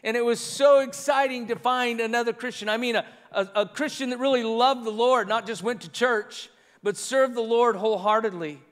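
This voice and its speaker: A man's voice: extremely high pitch, normal speed, fairly bright tone. A man preaching a sermon as pastor, earnest and repetitive in his phrasing. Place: church sanctuary. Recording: long reverb of a large church hall.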